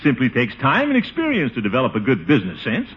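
A man's voice: medium pitch, wildly swooping pitch, fast talker. A man playing a hearty, pompous middle-aged uncle who chuckles often, in 1940s radio acting style. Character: blustery, jovial middle-aged bachelor uncle. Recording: hissy, muffled old radio recording.

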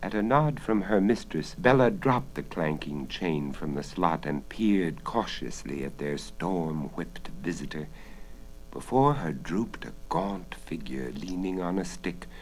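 A man with a low, deep voice narrates a storybook tale. His delivery swings widely in pitch and is full of expression. He often drops into hushed whispers to build suspense. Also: animated, unhurried. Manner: dramatic, dropping to hushed whispers. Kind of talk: storybook reading.

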